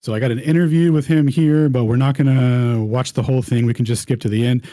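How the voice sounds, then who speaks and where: A man hosts a round table, talking loosely over his slides and often restarting phrases. His voice is mellow and relaxed, and the recording is dry and close. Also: mid-range voice, fast, no room sound. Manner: rambling, slangy, restarts mid-phrase. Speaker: host. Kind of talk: casual presenting over slides.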